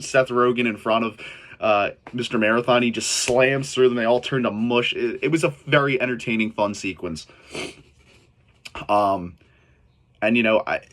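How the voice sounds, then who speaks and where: A man's voice: on the low side, fairly bright tone. Rambling, swearing man reviewing a show. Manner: rambling, frequent fillers and self-corrections, casual swearing. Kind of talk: casual episode recap and review.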